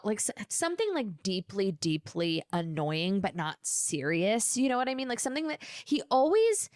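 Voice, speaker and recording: A woman in her thirties hosts her own podcast and tells comic stories. She talks in a lively, profane way and slips into quick impressions of the people she quotes. Her pitch sits in the middle range, and the recording is close and dry. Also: dry recording. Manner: animated, profane, mimics people in quoted bits. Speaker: podcast host. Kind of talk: solo comedic storytelling.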